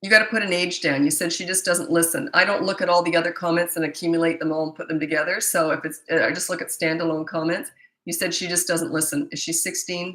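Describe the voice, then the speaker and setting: A woman's voice: deep voice, fairly bright tone, echoey room, rough recording. A woman in her fifties, a parenting coach, answering viewer questions in a chatty, blunt way, with stammered restarts. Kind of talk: live Q&A answering viewer comments.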